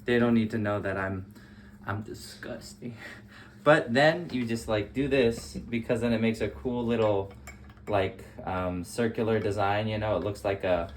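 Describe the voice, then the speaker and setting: A man's voice: on the low side, normal speed, slight background noise. Man joking around while brewing coffee. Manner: joking, self-mocking, rambling. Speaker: coffee vlogger. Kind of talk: casual how-to chat while brewing coffee.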